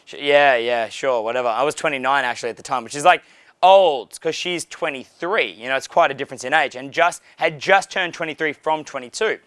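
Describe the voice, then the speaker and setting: Brief: a profane, animated man in his thirties, dating coach, slightly high voice, dry close recording. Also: a little fast, dry recording. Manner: profane, animated, acts out dialogues. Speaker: pickup coach. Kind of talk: casual coaching talk.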